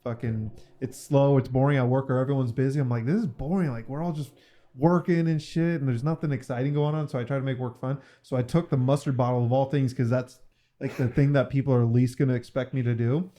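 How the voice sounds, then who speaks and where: Young man, mellow dark tone, animated storytelling, swears a lot. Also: medium pitch, fast. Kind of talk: casual podcast chat.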